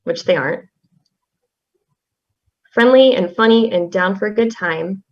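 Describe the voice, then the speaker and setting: A young woman, a class representative, reading a tribute poem in a soft-spoken, halting way with fillers. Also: mid-range voice. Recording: slightly dull lo-fi audio.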